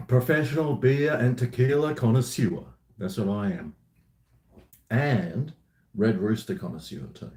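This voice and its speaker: A man's voice: mid-range voice, a little slow, darkish tone, echoey room. An Australian man chatting casually on a live stream at home, joking with viewers in a laid-back way. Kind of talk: casual live-stream chat while drinking.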